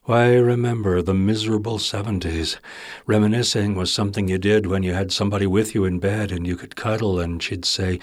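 A man's voice: lowish voice, fairly even intonation, fairly quick, no echo, studio quality. A man narrating literary fiction in a wry, intimate storytelling manner.

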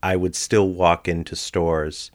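A middle-aged man telling personal stories in an animated storytelling manner. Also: deep voice, takes it slowly. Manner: animated storyteller, voices people in quotes. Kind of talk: personal storytelling and performed tales.

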